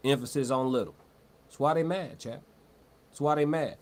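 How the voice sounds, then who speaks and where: At normal speed and medium pitch, a man hosts a livestream, commenting and reading chat. He keeps it loose and slangy, frequently doubling back on words and starting sentences again.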